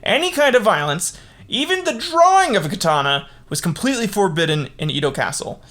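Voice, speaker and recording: A man's voice: high-pitched, very animated, fairly quick, a bit bright. A man hosting a casual history podcast, reading the account with filler words and breaking off into profane, laughing asides. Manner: irreverent, profane, laughs at own jokes. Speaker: podcast host.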